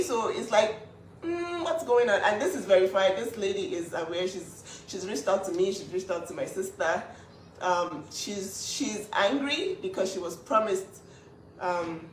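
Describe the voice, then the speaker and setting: Indignant woman in an echoey room. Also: medium pitch. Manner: emphatic and indignant. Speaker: older sister speaking out. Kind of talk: emotional on-camera statement. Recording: echoey room, voice at a distance, faint hiss.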